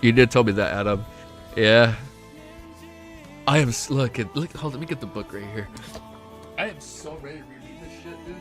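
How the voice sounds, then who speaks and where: A young man chatting casually on a live stream, excitable and swearing often, swinging from quiet gratitude to loud excitement. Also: mid-range voice, normal speed, long pauses. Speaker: livestreamer. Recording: faint music behind.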